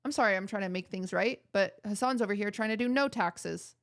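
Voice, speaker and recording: Streaming from home, a young woman chats with her viewers in a rambling, joking, mock-outraged way. Her voice is medium-pitched and brisk.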